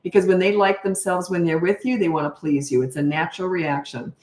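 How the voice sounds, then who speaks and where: A woman's voice: fairly low pitch, fairly even intonation, fairly quick, a little mellow. Frank, chatty woman in an echoey room. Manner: frank and chatty, laughs at herself. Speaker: parenting coach. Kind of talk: casual live Q&A chat.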